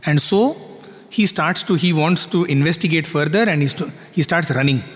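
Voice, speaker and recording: Animated storyteller, high voice. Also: male voice, normal speed. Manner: animated, asks rhetorical questions. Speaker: spiritual teacher. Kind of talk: storytelling sermon. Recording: long reverb in a hall.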